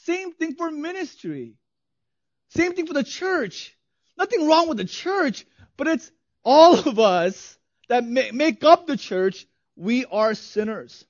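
A man's voice: very high-pitched, very animated, takes it slowly, no echo, highs cut off. A man in his thirties preaching a sermon as a pastor, conversational, often asking "right?" and laughing lightly.

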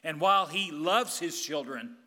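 A man preaching a sermon as pastor, emphatic and intense, swinging between loud and hushed. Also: fairly high pitch, animated, moderate pace.

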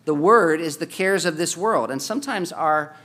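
Male pastor, higher-pitched voice, sermon delivery that alternates between forceful urging and hushed storytelling. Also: animated, normal speed. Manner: emphatic, swings between loud exhortation and quiet storytelling.

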